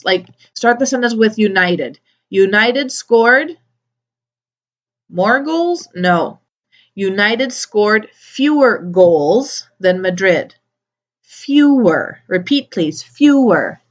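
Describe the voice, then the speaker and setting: A woman teaching English to adult learners, repeating each word slowly and clearly, with small playful asides. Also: medium pitch. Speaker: ESOL teacher. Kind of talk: slow, clearly enunciated classroom teaching. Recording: slightly dull lo-fi recording.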